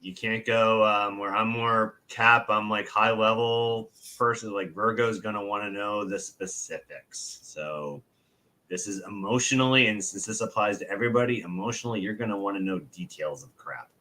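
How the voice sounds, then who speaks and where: A man's voice: on the low side, normal speed, pushed and bright, rough recording. A middle-aged man co-hosting a casual astrology chat, rambling and chatty. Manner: chatty, rambling, with restarts and laughs. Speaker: co-host.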